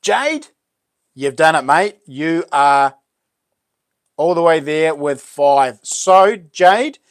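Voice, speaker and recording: A man's voice: fairly high pitch, expressive, slow, no room sound, clean studio sound. A man with a New Zealand accent hosting a casual live stream and chatting back to viewers' messages.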